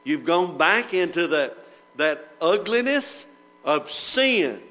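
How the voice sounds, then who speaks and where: A man with a somewhat high voice delivers a Bible class sermon. He keeps putting rhetorical questions to his listeners and reads passages of scripture aloud in their old wording. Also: sing-song, slow, sharp tone, rough recording. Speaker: preacher teaching church members.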